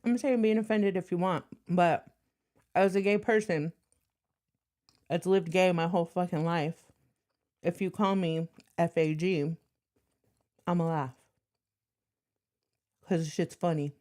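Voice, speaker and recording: A woman's voice: lowish voice, steady tone, measured pace, long pauses, a little mellow. A woman streamer talking bluntly and profanely in casual stream chat, with a sarcastic edge. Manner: slightly out of breath while moving furniture.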